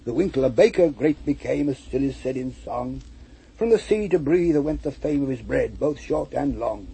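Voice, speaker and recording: A man recites rhymed verse in a lilting, rhythmic storybook manner. His voice is very husky and breathy, dark and mellow in tone, sitting a little high for a man. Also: lively intonation, moderate pace, low-quality recording. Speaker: reader. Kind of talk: poetry reading.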